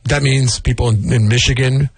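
A man's voice: medium pitch, steady tone, moderate pace, vocal fry, slightly rough, no room sound. A man co-hosting a morning radio show, rambling and stammering through casual banter. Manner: rambling, stammers, laughs easily.

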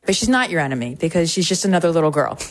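A woman in her thirties co-hosting a radio show, telling a family story in a chatty, animated way. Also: low-pitched, racing, no echo. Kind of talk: morning radio chat.

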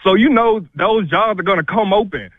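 Breathless high-voiced man ranting by phone. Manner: livid, rapid ranting. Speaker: caller. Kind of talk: call-in rant. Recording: tinny phone line.

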